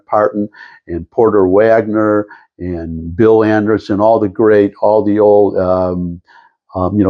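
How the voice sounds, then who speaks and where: A man's voice: lowish voice, muffled recording. An older man talking to camera in a rambling, meandering monologue with lots of restarts and asides. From Detroit area. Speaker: vlogger.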